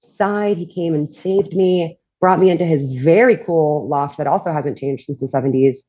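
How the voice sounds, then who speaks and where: Wry self-mocking woman guest, husky voice. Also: low voice, moderate pace, dark tone, highs cut off. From Montreal, Canada. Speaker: podcast guest. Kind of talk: casual chat.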